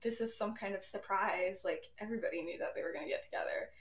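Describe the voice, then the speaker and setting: A woman voicing a calm, offhand teenage schoolboy in a casual storytelling retelling, with a roomy echo. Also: mid-range voice, fast talker, a little hiss or hum, lightly acted. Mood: calm, deflecting. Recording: roomy echo, home mic.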